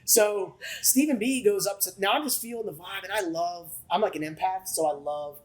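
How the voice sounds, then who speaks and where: Animated, profane man telling stories. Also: high-pitched, normal speed, poor audio. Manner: animated, profane storyteller who acts out quotes. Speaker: podcast guest. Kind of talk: casual storytelling chat.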